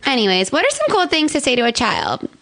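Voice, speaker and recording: A woman co-hosting a comedy podcast in character, throwing in quick quips and mock-innocent questions. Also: on the high side, huge pitch swings, vocal fry, bright, forceful tone. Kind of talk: improvised comedy banter.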